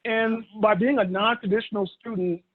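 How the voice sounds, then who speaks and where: A man in his thirties from Dallas, Texas, does a stand-up comedy set, telling animated stories and acting out quotes into a phone his son is holding. His voice is high-pitched at a moderate pace, and the audio sounds thin, like a phone.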